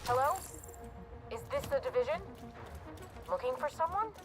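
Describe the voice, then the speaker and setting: Smug radio kidnapper. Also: female voice, high-pitched, lively intonation, moderate pace, over music. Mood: taunting. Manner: mocking, smug. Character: taunting female kidnapper on a radio channel.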